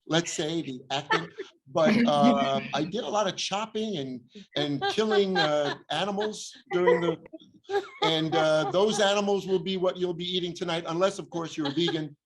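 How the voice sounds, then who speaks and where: A man, an actor on a press panel, answering a question with mock-serious, deadpan jokes. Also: a little high, moderate pace, over a noisy crowd.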